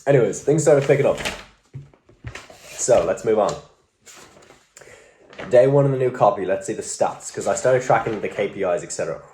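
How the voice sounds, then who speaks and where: Brief: young male vlogger, low-pitched, loose, sweary, self-deprecating ramble over faint noise. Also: normal speed, pauses often, dark tone. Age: young adult. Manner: rambling, profane, self-mocking. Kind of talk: casual vlog.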